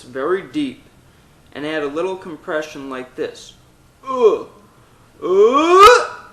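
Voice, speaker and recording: In this low-quality clip, a singing teacher with a fairly high-pitched male voice leads a vocal technique lesson step by step. Loud sung vowels and meows illustrate each exercise, and the sound is roomy.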